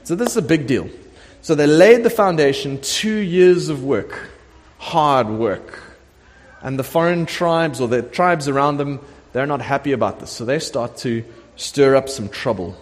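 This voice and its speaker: A middle-aged man preaching a sermon as a pastor, telling the story in a lively way and acting out the voices of the people in it. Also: medium pitch, unhurried. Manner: animated storytelling preacher, acts out quoted voices. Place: church sanctuary. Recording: long church hall reverb.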